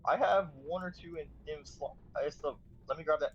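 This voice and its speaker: A man's voice: a little high, a little fast, fairly bright tone, lo-fi sound, a little hiss or hum. A man chatting casually while gaming, nervous and stammering, restarting his sentences.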